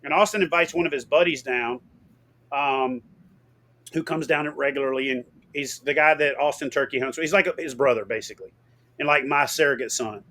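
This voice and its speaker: A middle-aged man telling fishing stories in a casual interview, animated and swearing, acting out what people said. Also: mid-range voice, fairly quick. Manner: animated, swearing, acts out quotes loudly. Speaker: guest.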